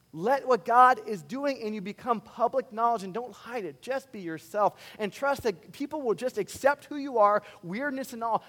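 A man preaching a sermon as a pastor, animated and swinging between loud emphatic bursts and quiet, earnest asides. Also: sits high, in a large hall.

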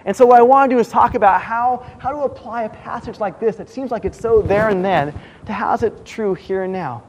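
Male pastor, high voice, conversational sermon delivery, faint noise behind. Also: fairly quick, darkish tone, lo-fi sound. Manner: conversational preaching, acts out quoted voices.

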